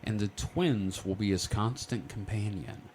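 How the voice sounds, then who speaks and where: A man's voice: lowish voice, a little slow, husky. A man hosting a casual podcast, telling a story with lots of jokes and swearing. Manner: lively storyteller, swears freely, laughs often. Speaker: podcast host presenting the research. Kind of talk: casual comedic podcast banter.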